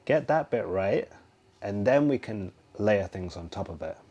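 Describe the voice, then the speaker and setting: A man who is a guest expert on a podcast, explaining in a steady way. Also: fairly low pitch, measured pace. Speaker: guest, screen-time expert. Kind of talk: casual podcast conversation.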